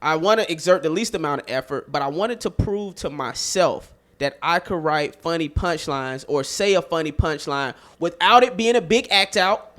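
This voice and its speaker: A man hosting a podcast, telling stories in a casual, animated way. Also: on the high side, normal speed. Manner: animated storyteller, slips into loud voices. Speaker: podcast host. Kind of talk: casual chat.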